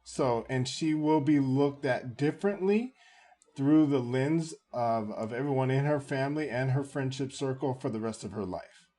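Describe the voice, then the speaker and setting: A man's voice: medium pitch, normal speed, warm tone. A man giving reaction commentary on video clips, lecturing and emphatic, repeating his points.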